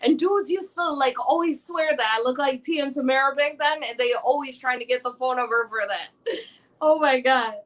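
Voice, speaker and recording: High-voiced woman around forty, giggly, laughing through her stories. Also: moderate pace, poor audio. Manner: giggly storyteller, laughs often, animated retelling. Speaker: guest. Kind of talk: casual chat.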